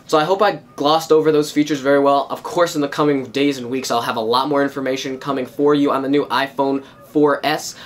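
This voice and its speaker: A man with a raspy, hoarse voice from a cold, giving a relaxed, casual recap of tech news to his viewers. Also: mid-range voice, slight background noise. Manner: relaxed, explanatory, addresses viewers as guys. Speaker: tech video host.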